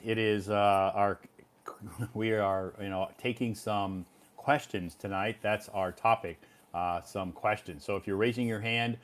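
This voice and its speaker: An American man hosting a casual live stream, talking in a rambling way with many fillers. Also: on the low side. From United States. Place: home in Beijing.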